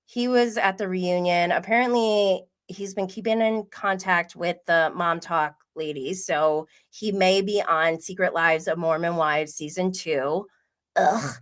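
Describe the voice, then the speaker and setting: A woman hosting a casual pop culture livestream, chatting quickly with many "like" fillers and frequent laughs. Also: lowish voice, a bit bright. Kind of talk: casual gossip chat.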